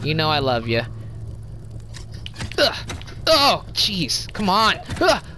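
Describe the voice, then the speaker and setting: A woman giving casual let's-play commentary, chatty and apologetic, quick to exclaim at what happens on screen. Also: fairly low pitch, huge pitch swings, sharp tone, a little hiss or hum. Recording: game music behind voice.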